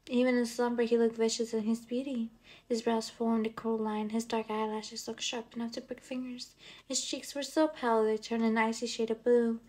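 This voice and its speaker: A woman reading a fantasy novel aloud as an audiobook narrator. Her voice sits fairly high and her reading is steady and expressive. She occasionally stumbles over a word.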